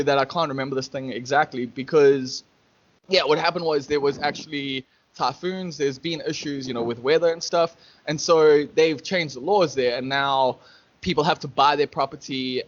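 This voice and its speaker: Brief: male host, mid-pitched, muffled lo-fi sound, rambling chat. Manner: rambling, thinks aloud with restarts. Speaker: podcast host. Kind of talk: casual interview chat.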